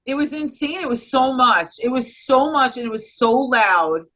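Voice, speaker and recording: Bright-voiced woman telling a personal story. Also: a little high, expressive, moderate pace, low-quality recording. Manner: earnest, rambling, with frequent restarts. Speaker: interview guest.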